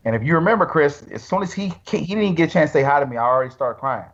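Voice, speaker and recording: Fast-talking man with dull lo-fi audio. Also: on the high side. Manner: animated, slangy, acts out quotes. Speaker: guest, retired bodybuilder. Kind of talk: casual storytelling chat.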